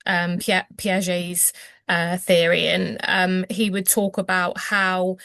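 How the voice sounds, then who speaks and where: A woman's voice: on the low side, level tone, slow pace, gravelly, a bit bright, no echo. A woman, a clinician explaining language development as an interview guest, hesitant with many ums and restarts. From England.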